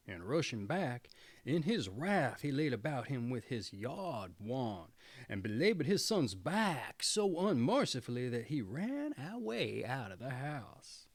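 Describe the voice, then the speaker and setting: Slow, highly expressive male storyteller. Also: no room sound. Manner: expressive, theatrical. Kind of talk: storybook reading.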